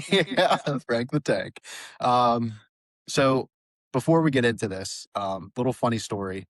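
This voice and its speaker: A man's voice: mid-range voice, animated, takes it slowly, dry recording. A man hosting a podcast, chatting casually with many fillers and easy laughs. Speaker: podcast host. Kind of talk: casual interview chat.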